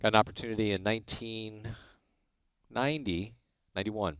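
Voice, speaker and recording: A man's voice: fairly low pitch, normal speed, smooth, dry recording. A man in his forties, originally from Illinois, telling stories about his racing career in a casual interview and acting out the dialogue. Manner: animated storyteller acting out quoted dialogue. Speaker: guest, racing crew chief.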